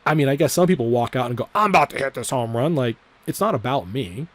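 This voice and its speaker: A male vlogger talking loosely through his trades at a middle pitch. He rambles, swears freely and leans on filler words, circling back to the same points again and again. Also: lively intonation, quick pace. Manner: repeats his disclaimers over and over. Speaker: trading vlogger. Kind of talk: casual trading vlog commentary.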